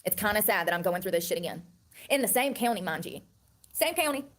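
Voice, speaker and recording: A woman's voice: medium pitch, expressive, quick pace, fairly bright tone. A woman in her thirties ranting to camera in a heated, profane, repetitive way. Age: 30s. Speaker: online personality.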